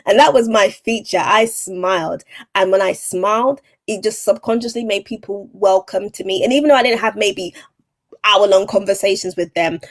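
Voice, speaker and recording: Earnest, encouraging woman giving advice. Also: medium pitch. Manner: earnest and encouraging, repeats key points. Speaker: podcast guest, TV presenter and voice-over artist. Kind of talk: motivational advice in conversation.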